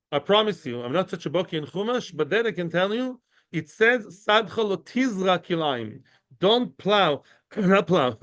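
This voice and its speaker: Male Talmud teacher, high voice, dry close sound, animated, voices the sages' argument, glosses terms in passing. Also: no echo, dull audio. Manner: animated, acts out the sages' debate; mixes in Aramaic and Hebrew terms, explains them. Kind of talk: daily Talmud lecture.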